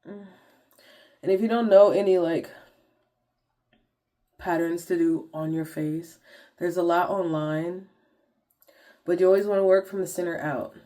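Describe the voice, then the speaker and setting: A woman's voice: fairly low pitch, fairly even intonation, a little slow, long pauses, warm tone. A young woman vlogger chatting casually to viewers in slangy talk while walking through her skincare routine. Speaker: beauty vlogger.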